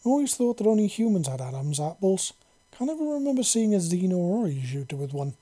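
A man's voice: sits high, very animated, fast, dark tone, pitched above the performer's own voice. A man voicing a brash young human soldier who swears and talks bluntly but nervously. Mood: relieved.

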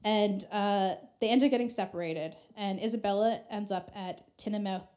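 A woman retells history on a podcast in a loose, chatty manner, full of "like"s and the odd swear word. Her voice is soft and mellow, at a middle pitch. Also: fairly even intonation, moderate pace. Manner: chatty, laughing, heavy use of "like", swearing. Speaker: podcast host. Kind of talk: casual history podcast storytelling.

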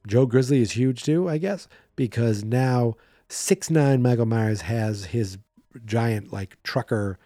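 A man hosting a podcast, casually recapping a film in a chatty, playful way and acting out bits of scenes in quick silly voices. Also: medium pitch, warm tone, no room sound, clean studio sound. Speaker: podcast host.

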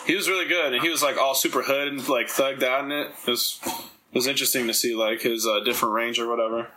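A man's voice: mid-range voice, fast talker, slight background noise, poor audio. A young adult man hosting a casual podcast, telling stories with acted-out quotes and frequent swearing. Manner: animated storyteller, acts out quotes, swears freely. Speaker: podcast host.

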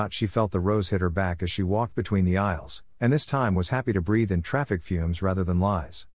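A man reading a scripted story aloud in a measured, even way. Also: sits low, dry recording, studio quality.

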